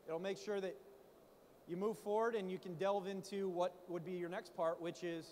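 Animated high-voiced man coaching from a stage. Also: normal speed, big-room sound, slight background noise. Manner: animated, rhetorical questions, coaching. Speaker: conference speaker. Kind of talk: startup pitch talk. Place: conference stage in a large hall. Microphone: handheld mic.

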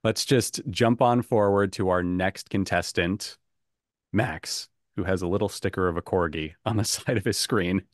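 A man's voice: low voice, normal speed, no echo, clean studio sound. A man hosting a casual podcast quiz game, upbeat and chatty, who laughs often. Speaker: game show host.

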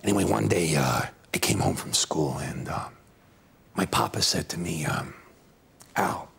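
A self-important aging film star, with a deeply gravelly, husky voice that sits low. He talks slowly and rambles, sliding into breathy half-whispered asides and swinging his pitch widely. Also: animated, a bit bright, exaggerated voice. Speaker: celebrity acting teacher in a sketch. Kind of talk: comedy sketch interview.

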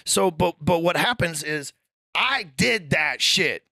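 Gravelly, profane man telling stories. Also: on the high side, lively intonation, slow, dry recording, studio quality. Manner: profane, loud storytelling with acted-out quotes. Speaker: podcast host. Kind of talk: casual podcast chat.

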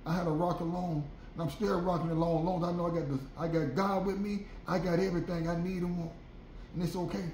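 A man preaching a sermon in a repetitive rhythmic cadence, swinging from loud, impassioned shouts down to hushed, low-spoken passages. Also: flat delivery, fast, slight background noise. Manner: impassioned, rising to shouts then dropping to hushed. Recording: echoey room.

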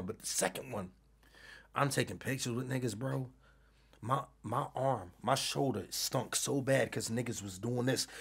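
A man's voice: medium pitch, gravelly, fairly bright tone, breathy edge. A man chatting casually as a content creator, telling profane, rambling stories and correcting himself as he goes. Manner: profane, rambling storyteller, quick to self-correct. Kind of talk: casual storytelling chat.

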